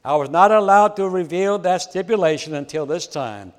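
A firm, persistent male auctioneer calls out bids insistently, played by a preacher. His voice runs a little high. A long hall reverb hangs behind each call. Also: normal speed, lightly acted. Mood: solemn.

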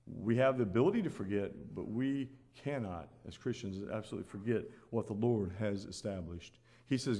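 Guy preaching a sermon, earnest, keeps repeating lines for emphasis, mid pitch. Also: a little fast, darkish tone. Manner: earnest, repeats phrases for emphasis, rises to exhort.

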